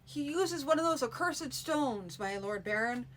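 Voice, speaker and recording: A woman's voice: high voice, lively intonation, a little slow, a bit bright, a little hiss or hum. A woman voicing a harsh, proud male priest in a fantasy story reading, righteous and unbending.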